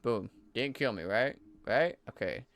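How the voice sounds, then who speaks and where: A man's voice: mid-range voice, expressive, unhurried, fairly bright tone, dry recording. A man giving casual, enthusiastic commentary over gameplay footage in a loose, conversational way. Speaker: gaming channel creator.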